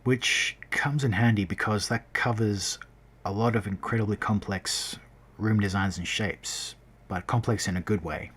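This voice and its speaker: A man's voice: fairly low pitch, unhurried, fairly bright tone, husky. A man streaming game development, chatting casually as he works and often correcting himself mid-sentence. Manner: rambling, self-correcting, talking while working. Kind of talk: casual tutorial livestream.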